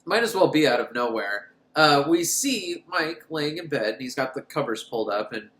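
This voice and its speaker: A man talking through a horror movie with crude, sarcastic jokes, his pitch swinging up and down a lot. He laughs at his own lines, and the voice has a roomy echo. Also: big pitch swings, normal speed, a bit bright. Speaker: film reviewer. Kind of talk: casual comedic movie recap.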